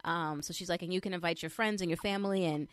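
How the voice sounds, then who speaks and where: A young adult woman chatting casually as she shares a personal update, retelling things in an animated way with lots of fillers. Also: lowish voice, quick pace. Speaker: vlogger sharing a personal update. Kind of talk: casual chat.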